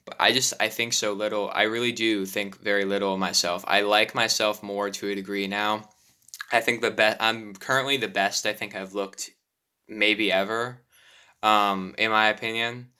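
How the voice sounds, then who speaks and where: A man's voice: fairly low pitch, pushed and bright, clean tone. A young man talking nervously about himself in a confessional vlog, with frequent sighs, apologies and restarts. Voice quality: self-deprecating, apologetic. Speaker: YouTuber.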